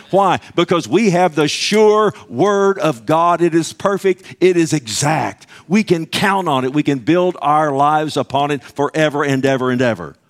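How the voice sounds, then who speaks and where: Emphatic male preacher calling out "Amen?". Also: medium pitch. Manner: emphatic, calls out "Amen?" to congregation, acts out dialogues with God. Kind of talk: sermon.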